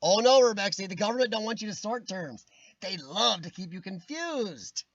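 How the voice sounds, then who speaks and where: Livestream host, a man with a high, nasal, worn voice that cracks at times, joking to chat over a dull, dry webcam. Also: animated, normal speed, fairly bright tone, no room sound. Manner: rambling, jokey, laughs often. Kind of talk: casual chat.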